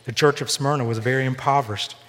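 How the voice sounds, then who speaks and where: A man's voice: mid-range voice, fast talker, slight background noise. Man preaching in a reverberant hall. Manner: earnest preaching, shifting into lively personal storytelling. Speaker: pastor. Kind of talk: sermon. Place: church sanctuary. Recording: long reverb from a large hall.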